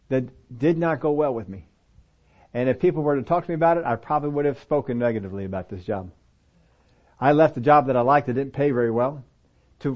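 A man preaching a sermon in a conversational, lively way, acting out small exchanges as he goes. His voice sits at an ordinary middle pitch. The recording is dull and lo-fi. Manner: animated, acts out dialogue voices.

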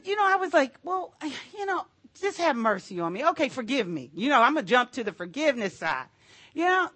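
A woman preaching a sermon, telling a personal story in a chatty, animated way with asides to the congregation. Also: fairly high pitch, no room sound.

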